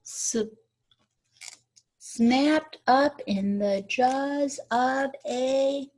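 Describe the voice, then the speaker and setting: A teacher with a high-pitched, slightly mellow voice reads a picture book to children extremely slowly. She stretches key words out for effect and stops now and then to ask the little ones about rhymes.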